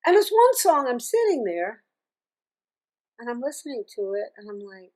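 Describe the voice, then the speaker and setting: Woman, middle-aged, singer and teacher, interview guest, chatty storytelling, lively pitch, frequent laughs. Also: moderate pace. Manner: chatty and animated, laughs often, restarts sentences.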